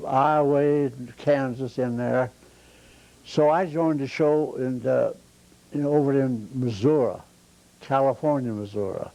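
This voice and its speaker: A man's voice: medium pitch, vocal fry, mellow, rough recording. An older man, a retired circus bandleader telling rambling, plain-spoken anecdotes in an interview. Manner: folksy, plain-spoken, acts out voices in his stories.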